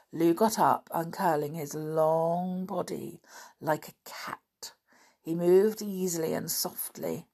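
Low-voiced woman reading a children's story, slow and gentle; podcast host. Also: gravelly, breathy edge. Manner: gentle, unhurried.

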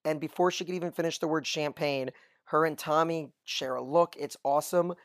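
A man's voice: fairly high pitch, fairly even intonation, fairly quick, no room sound, clean studio sound. A man co-hosting a casual podcast, going through a TV episode and asking his co-host questions. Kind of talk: casual TV recap chat.

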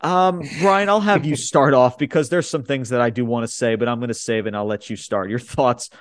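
A man co-hosting a wrestling review podcast, talking bluntly and swearing freely while he recaps the show. His voice sits at an ordinary middle pitch. The recording is dry and close, with no room sound. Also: fairly quick, clear, resonant tone, dry recording. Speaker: podcast co-host. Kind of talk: casual wrestling review chat.

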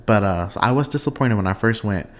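A young man hosting his own podcast in casual, expressive chat, laughing often and wandering off on tangents. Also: lowish voice, quick pace. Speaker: podcast host.

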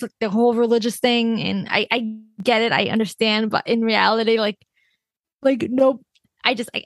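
A woman's voice: a little high, a bit bright, no room sound. A young woman co-hosting a podcast in casual chat, laughing often and restarting her sentences. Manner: chatty, laughs often, many fillers and restarts. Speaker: podcast co-host.

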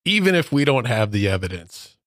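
A man's voice: mid-range voice, very animated, brisk, fairly bright tone, dry recording, studio quality. A man voicing a playful older woman paranormal investigator with a put-on Southern accent, bantering with her husband. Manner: jokey, teasing banter. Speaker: co-host.

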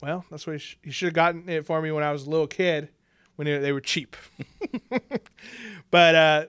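Guy cohosting, smooth voice, dead dry sound, laughs and swears a lot. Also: fairly high pitch, fairly even intonation, moderate pace, fairly bright tone, no room sound. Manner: laughs often, swears casually, rambling with fillers. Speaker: podcast co-host. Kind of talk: casual chat about movies.

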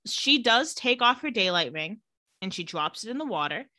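A woman co-hosting a casual chat, retelling scenes with quick voiced quotes and laughs. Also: mid-range voice, big pitch swings, bright, forceful tone, no echo, studio quality. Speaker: podcast co-host recapping a TV episode.

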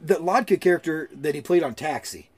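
A man's voice: a little high, a little fast, darkish tone, breathy edge. A man co-hosting a podcast, telling loose, jokey stories in casual chat and swearing freely. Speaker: podcast co-host.

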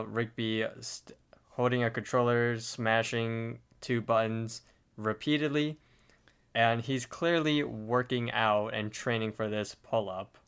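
Smooth-voiced male podcast co-host. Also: fairly low pitch, a bit bright. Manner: detailed narration with fillers. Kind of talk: casual episode recap.

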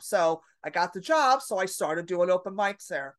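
Female comedian guest, casual storyteller, lively and self-mocking. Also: mid-range voice, moderate pace, few pauses. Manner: animated, acts out her own panicked thoughts.

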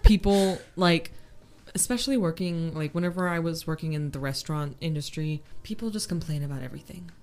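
Low-voiced, chatty woman podcaster. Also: brisk, darkish tone. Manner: rambling, chatty complaints with many fillers. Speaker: podcast co-host. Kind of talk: casual chat.

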